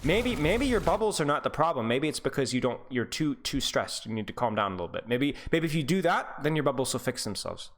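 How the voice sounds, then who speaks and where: A man's voice: medium pitch, big pitch swings, a little fast, few pauses. Encouraging male esports coach. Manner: encouraging, repetitive, tells stories to make a point. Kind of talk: coaching session over voice chat.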